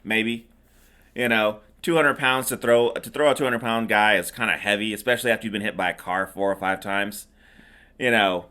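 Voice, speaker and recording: Sarcastic podcast host with a bright voice. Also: male voice, lowish voice, fairly even intonation, moderate pace. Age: middle-aged. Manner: rambling, sarcastic, many fillers. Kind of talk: casual movie recap chat.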